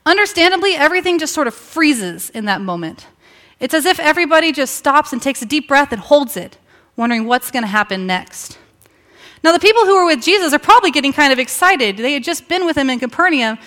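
A woman pastor preaching a sermon, telling a Bible story with emphatic pauses and rhetorical questions. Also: sits high, sing-song, fairly bright tone.

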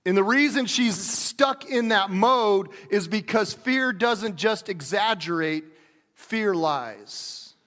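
A man's voice: high-pitched, expressive, takes it slowly, fairly bright tone, big-room sound. A man preaching a sermon as a pastor, talking in a conversational way with restarts and bits of acted speech.

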